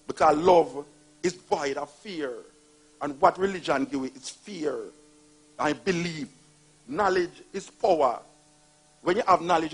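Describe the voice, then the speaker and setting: A man's voice: fairly high pitch, husky. A man with a Jamaican accent giving an emphatic, mocking storytelling monologue about religion. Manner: emphatic, animated, mocking retellings. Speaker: speaker on religion.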